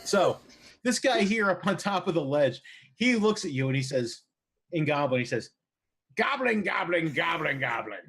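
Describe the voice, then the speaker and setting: A man's voice: fairly high pitch, animated, moderate pace. A man running a tabletop game as dungeon master, loose and laughing, swearing casually.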